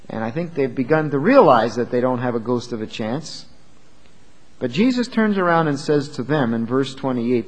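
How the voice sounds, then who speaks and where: Emphatic man preaching in a reverberant hall. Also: fairly high pitch. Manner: lively, emphatic, conversational preaching with rhetorical questions. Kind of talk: sermon.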